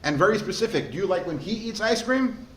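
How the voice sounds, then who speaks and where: A man, a rabbi teaching a class, in a lively way, often asking the listeners questions. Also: high voice, fairly quick. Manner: animated, asks the class rhetorical questions. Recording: echoey room with faint noise.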